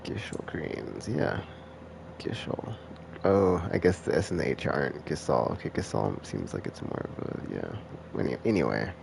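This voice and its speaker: A man gives casual commentary while he streams a game, rambling and correcting himself as he goes. His voice is extremely deep and gravelly. Clear background noise runs under the recording from a home mic. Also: very animated, moderate pace, few pauses.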